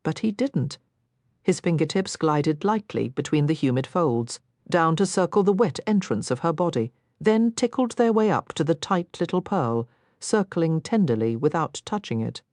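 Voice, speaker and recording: A woman narrating a romance audiobook in an intimate, expressive reading. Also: sits low, moderate pace, no echo, clean studio sound. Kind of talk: scripted narration.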